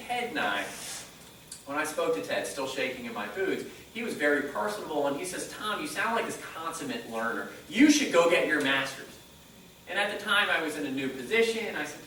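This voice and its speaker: Guy giving a talk to a room, bright voice, super echoey hall, mic kinda far off. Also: on the high side, slight background noise. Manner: animated storyteller quoting dialogue. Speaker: motivational speaker. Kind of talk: live presentation storytelling. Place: conference room.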